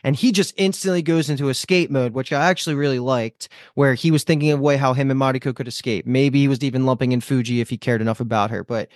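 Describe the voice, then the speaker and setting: A man's voice: mid-range voice, fairly even intonation, quick pace, hardly any pauses, dry recording, studio quality. A man hosting a casual podcast discussion, chatty and rambling, swearing now and then. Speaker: podcast host.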